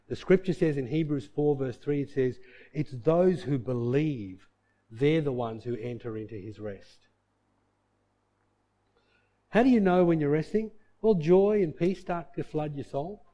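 A man preaching a sermon, telling a healing story, dropping to soft low passages and rising to loud shouted peaks.

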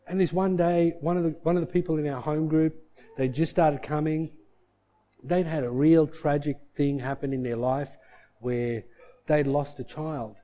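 A man preaching, his voice sitting a little high. He tells a story with animated energy, dropping soft and low in the sad parts and climbing to loud, excited peaks. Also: lo-fi sound. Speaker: pastor. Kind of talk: sermon storytelling.

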